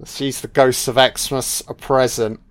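A man talks through a film in a relaxed, unhurried way, sprinkling in swear words and filler as he goes. His voice is smooth and clear at a middling pitch. The sound is close and dry, with no room around it. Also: no room sound. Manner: laid-back and profane, full of "you know". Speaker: film commentator. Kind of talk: casual film commentary.

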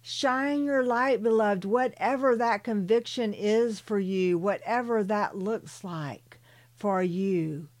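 An older woman reads her own spiritual story in a soothing voice, stopping for gentle personal asides to the listener. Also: mid-range voice. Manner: slow and soothing, calls listeners "beloved". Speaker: author and spiritual channeler.

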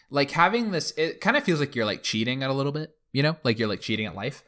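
A man's voice: mid-range voice, animated, quick pace, fairly bright tone. A young man hosting a podcast in casual chat, rambling with many fillers. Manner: rambling, lots of fillers like "like" and "you know". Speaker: podcast host.

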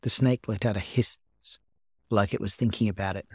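A man narrating a story as an amateur audiobook reading, at a steady, unhurried storytelling pace. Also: fairly low pitch, husky, dry recording, clean studio sound.

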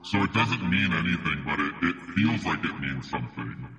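A man's voice: a bass voice, animated, moderate pace, bright, forceful tone, in a large hall, soft background music. A man hosting a podcast in casual chat over a video call, playful and laughing often.

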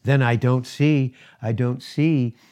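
Preaching man, animated sermon. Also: mid-range voice, takes it slowly. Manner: animated preaching, reads scripture aloud, laughs between points. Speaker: pastor.

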